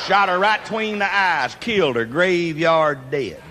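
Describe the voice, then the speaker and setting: A man's voice: a little high, expressive, unhurried, few pauses, background noise. A man with a Mississippi accent telling a Southern comedy story in a folksy drawl, whooping as he goes. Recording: long hall reverb.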